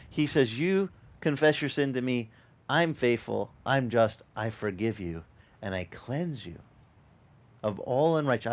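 Lively animated male pastor preaching. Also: medium pitch. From Sicilian family background. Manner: animated, acts out quoted voices. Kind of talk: sermon. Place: outdoor beach service.

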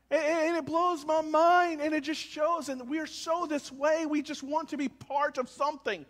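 A man pastor preaching a sermon, swinging between loud calls and quiet, low lines. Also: fairly even intonation, moderate pace, hardly any pauses, big-room sound. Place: church service, with cars passing by.

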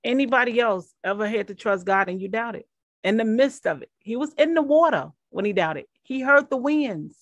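A woman teaching a class, lively and interactive, calling out to her listeners and voicing people's doubts. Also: fairly high pitch, normal speed, no echo, muffled recording. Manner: lively, call-and-response, quotes people's inner voices. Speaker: Bible study teacher.

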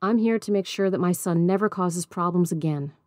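A woman's voice: on the low side, a little fast, warm tone, dry recording, studio quality, natural voice. A woman voicing a stern, self-important father in a storybook reading, pompous.

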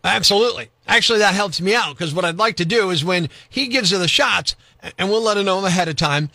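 A man's voice: sits high, lively intonation, fast talker, creaky, sharp tone, no room sound. A male radio host making a prank call, arguing in a pushy, overprotective way. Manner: playing a pushy overprotective dad on the phone.

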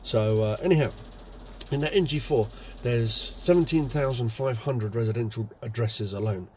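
A man's voice: mid-range voice, normal speed, darkish tone, slight background noise. A man, a window cleaning business owner, telling anecdotes in a chatty casual vlog. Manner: chatty, anecdotal, many fillers.

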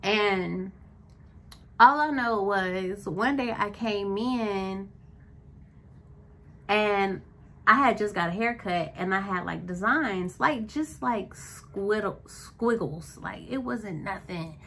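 A woman's voice: medium pitch, slow, a bit bright. A woman vlogger telling a casual storytime, rambling and chatty with lots of likes and self-corrections.

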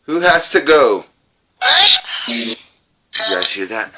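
A man's voice: mid-range voice, very animated, slow, bright, forceful tone, slight background noise. A man running a ghost-hunting vlog inside an old trailer, calling out to spirits, nervous and breathing hard. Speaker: paranormal investigator.

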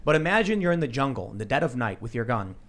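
Brief: male podcast host, lively storyteller, casual studio panel talk. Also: mid-range voice, quick pace. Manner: animated storyteller, acts out quoted voices.

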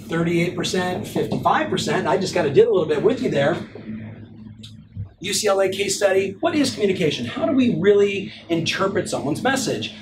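A middle-aged man coaching real estate agents in an energetic, emphatic motivational talk. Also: sits high, background noise. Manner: animated, emphatic, acts out example phone lines.

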